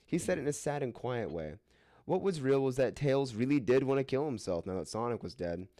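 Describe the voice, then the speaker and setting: A man's voice: mid-range voice, very animated, brisk, warm tone, dry recording, studio quality. A man reading an absurd fan fiction aloud for laughs, hamming up the quoted lines and often cracking up. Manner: hammy voices for quoted lines, breaks into laughter. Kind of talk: comedic dramatic reading.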